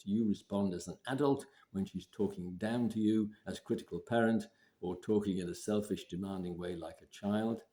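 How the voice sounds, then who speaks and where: Low-voiced guy calmly explaining relationship advice, repeats himself for emphasis. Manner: measured, repeats points for emphasis, clears throat often. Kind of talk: advice talk to camera.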